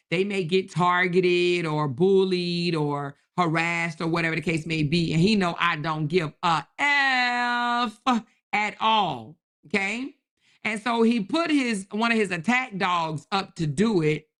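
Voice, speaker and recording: A woman hosting a live stream, chatting casually and animatedly with her viewers in slangy, exclamatory talk. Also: fairly low pitch. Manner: animated, talks straight to her chat with slang and repeated exclamations.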